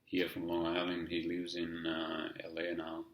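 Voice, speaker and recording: A man's voice: low voice, monotone, a little slow, reverberant. A man with a heavy accent hosting a podcast alone, rambling casually and swearing often, with many "you know" fillers. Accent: heavy non-native English accent. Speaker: podcast host. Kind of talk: casual solo podcast monologue.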